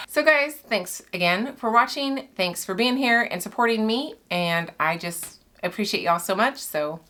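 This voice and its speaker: A woman's voice: medium pitch, lively intonation, measured pace, few pauses, pushed and bright. A young adult woman, a soap maker chatting casually with her channel as she cuts soap, rambling and laughing often, a little out of breath. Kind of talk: casual chat while cutting soap.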